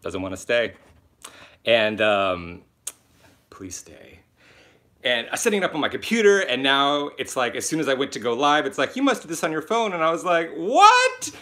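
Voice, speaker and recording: A young man hosting his first live stream from his phone, chatty and excitable, laughing often as he reads out viewer comments. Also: mid-range voice, moderate pace, long pauses. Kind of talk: casual live-stream chat.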